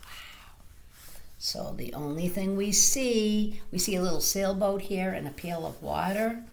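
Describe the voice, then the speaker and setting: A woman teacher reading a picture book aloud to young children in a gentle, sing-song way, speaking to them directly. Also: medium pitch, moderate pace, gravelly, slight background noise. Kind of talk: children's storytime read-aloud.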